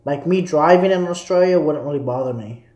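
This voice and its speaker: A young man rambles to his live viewers, repeating himself and chatting loosely. His voice sits a little high, and the recording has a roomy echo. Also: fairly quick, a little mellow. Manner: rambling, repetitive, talking to viewers. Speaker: streamer. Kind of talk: casual live commentary.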